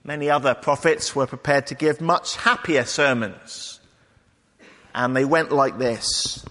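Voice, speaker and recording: A man preaching a sermon in a measured, conversational way. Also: mid-range voice, bright, forceful tone, big-room sound.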